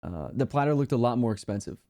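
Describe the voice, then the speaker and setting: A young man chatting on a live stream, slangy and laid-back, drifting through his thoughts with plenty of fillers. His voice is mellow and dark, sitting at an ordinary middle pitch. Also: animated, quick pace. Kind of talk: casual reaction chat.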